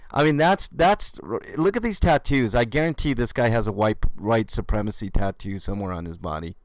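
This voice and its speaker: A man's voice: lowish voice, a little fast, hardly any pauses, no echo. A man hosting a channel, giving casual, sarcastic commentary on police footage with frequent swearing. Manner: sarcastic, mocking, swears freely. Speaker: YouTube channel host reacting to police video.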